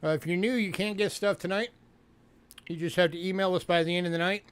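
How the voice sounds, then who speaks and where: A fast-talking New Yorker with a high-pitched voice and steady tone hosts a coin sale livestream. He is casual and chatty, using fillers and repeating himself. His tone is clear and resonant.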